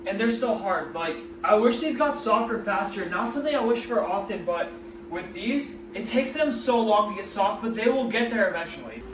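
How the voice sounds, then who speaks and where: A man with a fairly high voice chats playfully through a home cooking vlog and jokes with his viewers. He sounds a little far from the mic in a roomy, echoing kitchen, with faint music underneath. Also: animated, moderate pace, noisy background. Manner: chatty, playful, jokey asides to viewers. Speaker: cooking vlogger.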